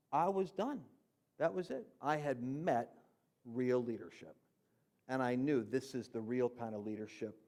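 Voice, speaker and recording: A man telling his conversion story in a conversational, animated way, jumping from loud emphatic bursts to quiet low asides. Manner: conversational with fillers and slang. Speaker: Christian speaker. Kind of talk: personal testimony storytelling.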